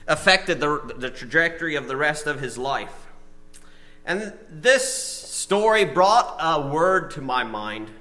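A man preaching a sermon to a small congregation and listeners, telling stories and reading out lists, swinging between loud emphasis and soft asides. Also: fairly high pitch. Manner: reads lists of words slowly, one at a time. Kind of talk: sermon with storytelling.

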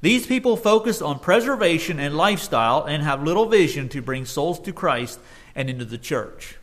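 A man's voice: on the high side, expressive, moderate pace. A man preaching a sermon earnestly, often restarting his phrases and rising in force when he quotes scripture.

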